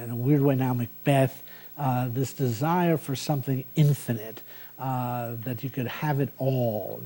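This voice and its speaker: A man giving a university lecture as a professor, speaking thoughtfully with frequent "uh" pauses. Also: mid-range voice, dark tone. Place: lecture hall.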